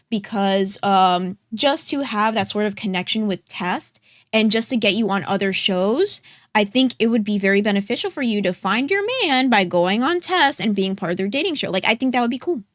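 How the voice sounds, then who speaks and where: A woman's voice: mid-range voice, lively intonation, normal speed, fairly bright tone, dry recording, studio quality. A woman hosting a casual podcast, chatting loosely with lots of fillers and thanking viewers from the chat. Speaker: podcast host.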